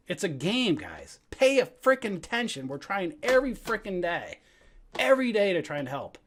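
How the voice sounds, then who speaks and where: A man who teaches stock trading, ranting heatedly about his brokerage, swearing, with loud outbursts and muttered asides. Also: sits high, big pitch swings, a little fast. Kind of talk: angry livestream rant.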